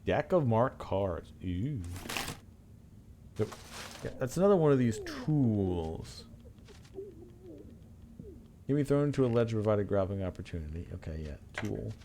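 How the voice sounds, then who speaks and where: A man's voice: fairly low pitch, very animated, measured pace, pauses often, dark tone, slight background noise. A man streaming a video game live, chatting casually with swearing and reading game text aloud.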